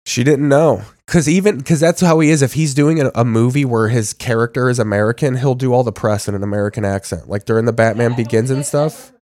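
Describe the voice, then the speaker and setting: A man's voice: medium pitch, fairly even intonation, fairly quick, few pauses, a little mellow, no room sound. Guy with covid doing his podcast, congested, rambling and swearing a lot, dry close mic. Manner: rambling, crude, joking. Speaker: podcast host. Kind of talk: casual profane chat.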